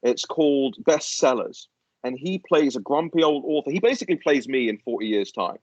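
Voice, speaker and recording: A man's voice: mid-range voice, expressive, a little fast, no room sound, highs cut off. A man as a guest in a casual political chat, ranting animatedly and swearing freely.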